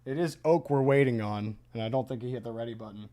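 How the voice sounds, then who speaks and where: A man's voice: mid-range voice, fast talker, warm tone. A man casting a live video game match, chatting and giving play-by-play. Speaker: esports caster. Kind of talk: live game commentary and chat.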